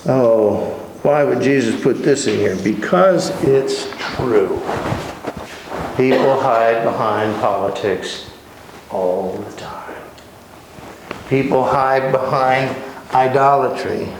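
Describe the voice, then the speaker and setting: A man's voice: mid-range voice, slow. A man teaching a Bible study lesson in a conversational, storytelling manner in a church. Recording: very echoey room with noise.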